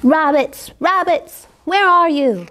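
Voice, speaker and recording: A woman voicing a hungry, huffy, growly little wolf boy who calls out in long, drawn-out howls. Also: sits high, lively intonation, fairly bright tone, heavily acted. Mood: howling.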